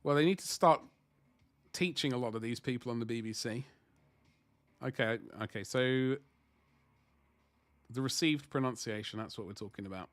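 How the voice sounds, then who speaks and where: Male streamer at his hobby desk, mid-pitched, dry close sound, rambles and thinks aloud, self-deprecating. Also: normal speed, pauses often, dry recording. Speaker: miniature painting streamer. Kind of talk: casual live-stream chat while painting.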